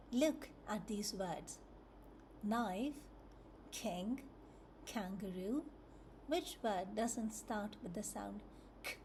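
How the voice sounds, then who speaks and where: A woman teaches phonics at a very slow, patient pace, drawing out each letter sound and saying it over and over. Her voice sits a little high but sounds mellow and soft rather than bright. A faint hum of room noise runs underneath. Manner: patient, repeats each sound several times, drawn-out sounds.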